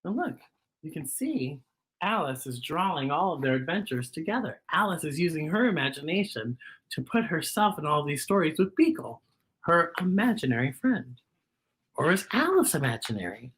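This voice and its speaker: A woman's voice: low-pitched, big pitch swings, moderate pace, slightly rough. A woman hosting a children's storytime, reading a picture book aloud and asking her young listeners questions, sometimes dropping to a whisper.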